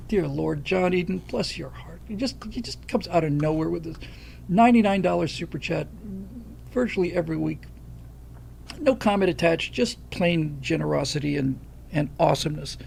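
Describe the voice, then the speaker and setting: A man's voice: on the high side, normal speed, vocal fry, long pauses, bright, forceful tone, slight background noise. An older man from the United States hosting a livestream, talking bluntly and emphatically, reading out and thanking viewer donations. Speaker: livestream host. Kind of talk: casual opinionated livestream talk.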